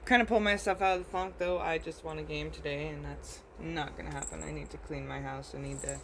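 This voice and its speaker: A man's voice: a little high, fairly even intonation, creaky, background noise. Teary man preaching an informal livestream. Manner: earnest, emotional, halting and confessional.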